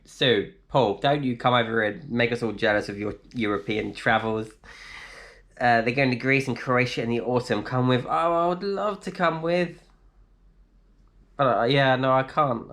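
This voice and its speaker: A man chatting casually on a live stream from his flat, reading out viewers' comments and answering them. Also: mid-range voice, gravelly. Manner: chatty, reads out comments and replies, laughs easily. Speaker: vlogger answering live chat. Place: indoors in a flat.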